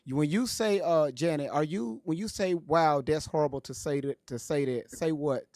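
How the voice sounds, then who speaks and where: Black guy hosting a live, keeps pressing with questions, kinda high voice. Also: moderate pace, a little mellow, dry recording, studio quality. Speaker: livestream host. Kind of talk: livestream talk.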